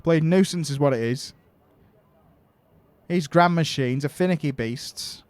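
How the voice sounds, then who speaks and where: A man voicing a gruff, irritable but kind woman mechanic in a game, with a put-on Yorkshire accent and a loud, blunt, grumbling manner. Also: a little high, unhurried, dry recording, lightly acted.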